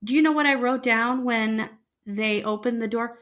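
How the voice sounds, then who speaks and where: A woman's voice: fairly high pitch, moderate pace, fairly bright tone. A woman co-hosting a podcast, chatting casually and arguing her points emphatically. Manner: emphatic, argumentative. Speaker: podcast co-host. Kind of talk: casual chat about a reality show.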